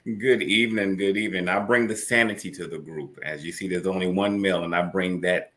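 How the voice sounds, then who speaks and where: Deep, bright-toned self-assured man. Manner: steady, self-assured and measured. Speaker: podcast guest. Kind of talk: casual group conversation. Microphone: video call.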